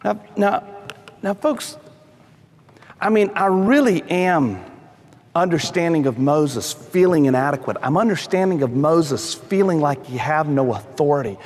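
Emphatic, high-voiced preacher in a reverberant hall. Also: male voice, animated, normal speed, darkish tone. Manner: emphatic, addresses listeners as folks, drops low for stress. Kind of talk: sermon.

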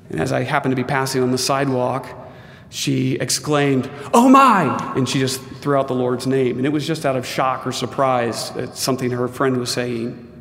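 A man's voice: mid-range voice, vocal fry, long reverb tail, slight background noise. A middle-aged man preaching a sermon as a pastor, earnest and emphatic, acting out quotes with touches of humor.

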